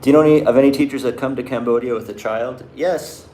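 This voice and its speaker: In an echoey room, a young vlogger from Canada answers questions from his live chat at a quick pace. His mellow, mid-range voice rambles casually, packed with "like" and restarts.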